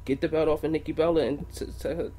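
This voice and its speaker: A man's voice: a little high, steady tone, fast talker, mellow, a little hiss or hum. A man co-hosting a wrestling podcast, ranting in a heated, profane way. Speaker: podcast co-host. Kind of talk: casual wrestling podcast rant.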